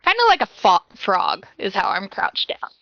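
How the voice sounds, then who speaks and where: A woman's voice: medium pitch, wildly swooping pitch, moderate pace, sharp tone, no room sound. A woman taking part in a tabletop role-play game, giving short, drawling in-character replies, on slightly dull lo-fi audio. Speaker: player.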